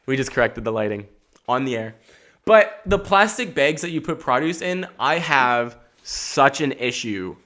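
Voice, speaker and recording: This young adult podcast host has a mid-range voice and a measured pace. His casual comedic monologue is animated and rambling, full of free swearing and self-mockery.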